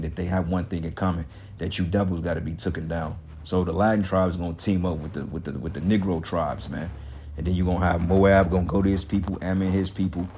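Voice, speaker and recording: Angry cursing preacher man, low voice. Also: dark tone, slight background noise. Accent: African American Vernacular English. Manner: reads scripture aloud. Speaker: street preacher. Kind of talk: profane street sermon.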